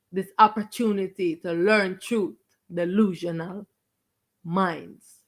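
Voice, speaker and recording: A woman acting as a spiritual teacher, preaching to viewers on a live stream in an emphatic, confrontational way. She stretches out stressed words and repeats her phrases. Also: mid-range voice.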